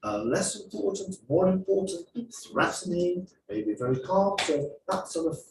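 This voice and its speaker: A man's voice: high voice, normal speed, echoey room, distant mic, background noise. A man giving a masterclass on speaking skills, explaining and acting out examples to a class. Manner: lively, explanatory, acts out examples. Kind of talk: masterclass lecture. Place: classroom or lecture hall.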